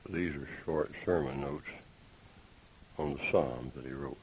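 A man preaching a sermon, deliberate and emphatic, with pointed rhetorical questions. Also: very deep voice, a little mellow, poor audio. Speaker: pastor. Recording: faint hiss.

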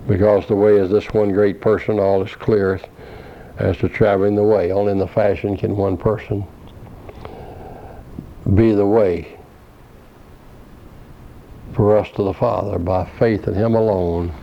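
A man preaching a scholarly sermon, reading and quoting from commentaries in a measured way with brief asides. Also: fairly low pitch, little pitch movement, gravelly, muffled recording.

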